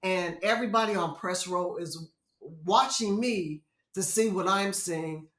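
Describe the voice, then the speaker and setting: A woman guest in a casual interview, telling stories in an animated way, often laughing. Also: lowish voice, unhurried, roomy sound. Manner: animated storyteller who laughs often and does voices. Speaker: guest, former basketball player and commentator.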